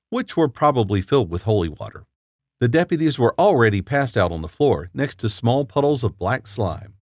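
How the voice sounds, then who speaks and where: A man reading a first-person horror story aloud in a measured, dramatic storytelling manner. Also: mid-range voice, no room sound, clean studio sound.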